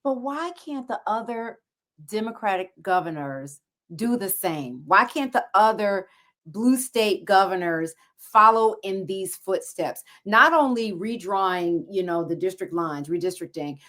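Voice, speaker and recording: A woman co-hosting a podcast in casual chat, expressive and indignant, cheering her partner on. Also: mid-range voice, measured pace. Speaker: podcast co-host.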